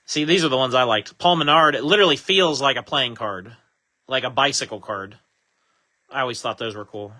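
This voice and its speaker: Brief: male card-break host, very bright tone, relaxed chatty delivery, reads out card names. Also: mid-range voice, fairly quick. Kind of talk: casual live card-break commentary.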